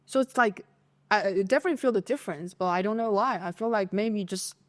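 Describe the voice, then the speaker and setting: A woman with a Chinese accent co-hosts a casual podcast, telling her story with animated energy. Her voice sits at an ordinary middle pitch. She slips into her classmates' voices as she goes. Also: fast. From China. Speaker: podcast co-host. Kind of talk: casual chat.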